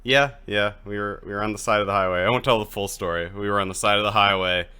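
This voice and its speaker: Low-voiced bright animated man. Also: fast talker, clear, resonant tone. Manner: animated storyteller, laughs a lot. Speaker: podcast co-host. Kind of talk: casual podcast chat.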